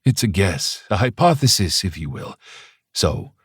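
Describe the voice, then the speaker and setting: A man's voice: low voice, big pitch swings, unhurried, slightly rough, no room sound, clean studio sound, full character voice. A man voicing a tense, erratic grieving male teacher in an audiobook, clipped and testy. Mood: flustered.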